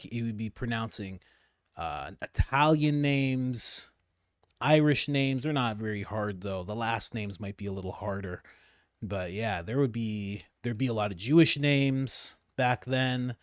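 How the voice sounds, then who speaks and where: A man hosting a commentary channel, reacting to a clip in a sarcastic, animated way that swings between mutters and outbursts. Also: fairly low pitch, no echo, studio quality.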